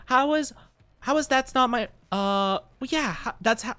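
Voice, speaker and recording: A man streaming a game and chatting playfully with his viewers, rambling and giggling, with sudden high squeaks. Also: unhurried, bright, forceful tone, smooth, dry recording. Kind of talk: casual live-stream chat while gaming.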